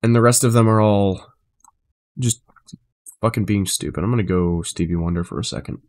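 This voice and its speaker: A man's voice: on the low side, moderate pace. Rambling, profane young male streamer. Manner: rambling and profane, shifting between flat and animated delivery. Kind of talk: casual live-stream chat.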